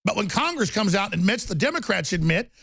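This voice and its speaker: A man hosting a political talk show, ranting rapidly and heatedly with stammering restarts. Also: high-pitched, big pitch swings, gravelly, fairly bright tone, slightly rough, no room sound.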